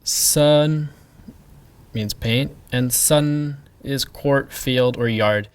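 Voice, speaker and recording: A man leads a pronunciation lesson at an unhurried, careful pace. He spells out each sound and says the example words again and again so they can be copied. His pitch sits in the middle of the usual male range. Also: clean tone. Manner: slow, deliberate, repeats sounds for drill. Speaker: language teacher.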